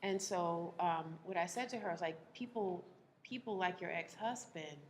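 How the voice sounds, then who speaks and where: A woman relationship coach speaking to a live audience, animated, laughing often and acting out the people she quotes. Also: fairly low pitch, moderate pace, slight background noise.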